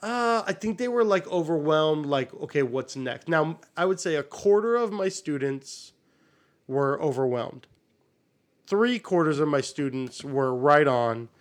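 A man who teaches, co-hosting a casual podcast and telling classroom stories with lively acted-out quotes. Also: a little high, measured pace. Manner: animated storyteller, acts out what students say.

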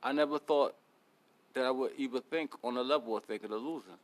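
A young man runs his own podcast in a loose, unscripted monologue. His voice sits at a middle pitch, and he talks bluntly and curses freely. He switches between plugs and tough-love motivational talk. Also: fairly quick. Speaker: podcast host.

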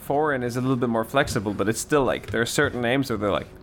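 A man chats casually, sounding relaxed and a little reflective, with the occasional joke. His pitch sits in a middle range. Faint noise hums behind him. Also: quick pace. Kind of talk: casual chat.

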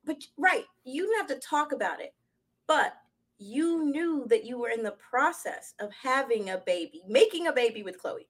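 Casting: young woman, high voice, slangy, animated gossip co-host. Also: normal speed. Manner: animated, slangy, laughs often. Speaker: podcast co-host. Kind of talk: casual gossip chat.

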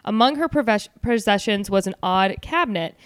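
A woman hosts a relaxed chat, reading stories aloud and breaking off into joking asides. Her voice sits in the middle range and sounds dry and close, with no room around it. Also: medium pitch, moderate pace, clear, resonant tone, no echo. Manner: loose and joking, reads with fillers and asides. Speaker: podcast host.

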